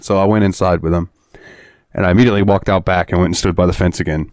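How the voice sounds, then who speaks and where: A man co-hosting a podcast, telling a story in a loose, profane way. His voice sits low. The sound is dry and close, and he often breaks into laughter. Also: little pitch movement, fast, a little mellow, no room sound. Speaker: podcast host. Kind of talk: casual chat.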